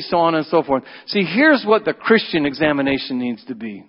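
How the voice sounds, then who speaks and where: Male pastor, fairly high voice, emphatic Easter sermon with big swings from loud to hushed; dull recording in a church with a long echo. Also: sing-song, brisk, hardly any pauses. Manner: emphatic preaching, swings between loud rises and quiet drops. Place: church sanctuary.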